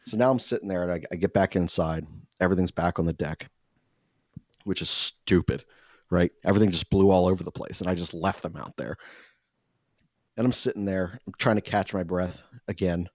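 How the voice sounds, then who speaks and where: A man telling a self-mocking comic story in casual chat, animated and swearing freely. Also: deep voice, fairly quick, no room sound, dull audio.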